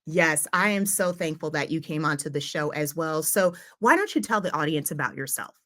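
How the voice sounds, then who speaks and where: A woman's voice: deep voice, animated, normal speed, fairly bright tone. A woman hosting an interview show, reading a polished introduction of her guest and asking questions. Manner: reads a polished scripted introduction. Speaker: podcast host.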